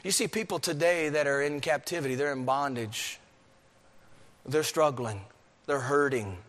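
A man preaching a sermon, swinging between emphatic, raised peaks and low, quiet stretches. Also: moderate pace. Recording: long hall reverb.

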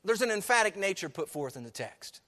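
A man preaching a sermon to his church, emphatic, swinging from soft to loud. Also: high voice, big pitch swings, brisk, long reverb tail. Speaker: pastor. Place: church sanctuary.

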